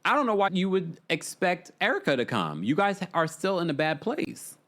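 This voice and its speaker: A man's voice: high voice, sing-song, normal speed, fairly bright tone. A man hosting a casual livestream, chatting about reality TV and reading viewer comments aloud. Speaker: livestream host.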